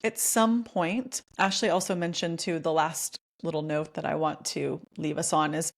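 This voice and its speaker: A woman podcast host with a lowish voice, chatting casually. She fills her talk with "like" and laughs in between. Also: fairly even intonation, moderate pace. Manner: chatty, frequent "like" fillers, laughing asides.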